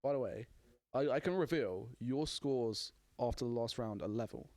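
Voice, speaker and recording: A man's voice: mid-range voice, normal speed, a little mellow. A man hosting a casual podcast, keeping score, teasing and laughing easily. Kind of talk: casual chat.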